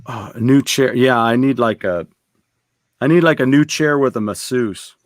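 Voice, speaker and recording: A man's voice: mid-range voice, normal speed, dry recording. Chatty rambling man co-hosting. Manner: chatty, rambling with many fillers. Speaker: co-host. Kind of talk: casual stream chat.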